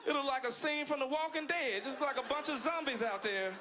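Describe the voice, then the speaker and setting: A man from the United States doing a stand-up set, animated, jumping into high-pitched act-outs and laughing through his lines. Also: fairly quick. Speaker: stand-up comedian. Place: comedy club stage with live audience. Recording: loud crowd laughter in club.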